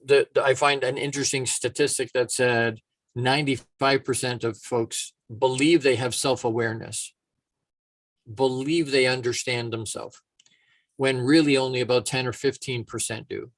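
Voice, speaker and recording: Brief: male motivational speaker, mid-pitch, dry close mic, lively storyteller. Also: moderate pace, no room sound. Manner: animated storyteller, acting out quotes. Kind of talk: casual motivational talk.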